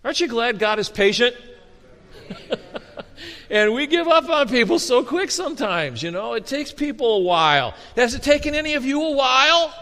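A man preaching a sermon as a pastor, animated and storytelling with humor, often restarting his words. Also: very high voice, normal speed. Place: church sanctuary. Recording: long reverb of a hall.

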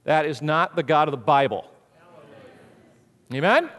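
A man preaching a sermon, animated and conversational, swinging from hushed asides to booming emphasis. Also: measured pace. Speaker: pastor. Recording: long hall reverb.

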